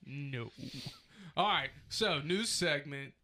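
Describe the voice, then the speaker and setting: Young male host, higher pitch, very bright tone, joking. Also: expressive, slight background noise. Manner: joking, quick interjections. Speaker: podcast host. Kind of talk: casual chat.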